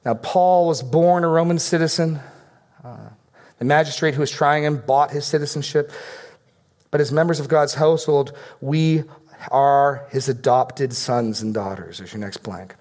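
A man's voice: medium pitch, normal speed, a little mellow. A middle-aged man preaching a sermon as pastor, teaching earnestly through outline points and Bible verses.

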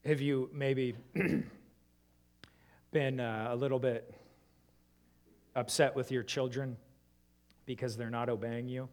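A man delivers a sermon at a mid-range pitch. He keeps putting rhetorical questions to the congregation, pushing up for emphasis and then falling low and quiet. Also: fairly even intonation, slow, pauses often. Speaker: preacher.

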